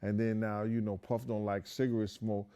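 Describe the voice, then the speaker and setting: A man with a lowish, mellow voice tells an old story in a loose, conversational way. He rambles and leans on slang and fillers as he goes. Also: level tone, normal speed, clean tone. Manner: rambling, many fillers like "you know" and "um"; slangy street talk. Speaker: guest storyteller. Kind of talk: casual anecdotal storytelling.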